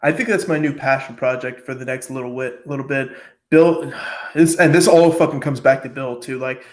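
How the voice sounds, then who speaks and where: A man's voice: mid-range voice, fairly even intonation, normal speed. A man chatting casually on a podcast, rambling with lots of fillers and frequent swearing. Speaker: podcast host. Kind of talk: casual chat.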